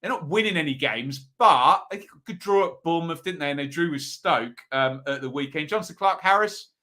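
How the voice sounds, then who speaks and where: Male host, bright-toned, casual live-chat delivery, reads comments aloud. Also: fairly high pitch, lively intonation. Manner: chatty, reads out viewer comments, quick asides. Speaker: football predictions show host. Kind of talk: live-stream chat with viewers.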